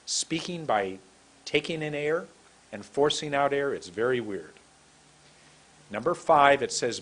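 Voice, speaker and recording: A man from San Francisco teaching English pronunciation, repeating words slowly and deliberately. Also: medium pitch, lively intonation, a bit bright, husky. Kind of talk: slow demonstrative lesson.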